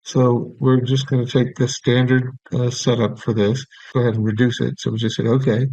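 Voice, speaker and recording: A man teaching audio production, explaining each step in a relaxed way and checking in with "okay". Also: mid-range voice, moderate pace, no room sound. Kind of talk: screen-recorded software tutorial. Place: small room at his desk. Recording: dry, dull lo-fi recording.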